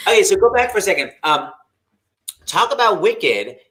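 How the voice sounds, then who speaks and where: A man hosting a video-call interview, excitable and theatrical, jumping in with quick questions. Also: sits high. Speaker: host.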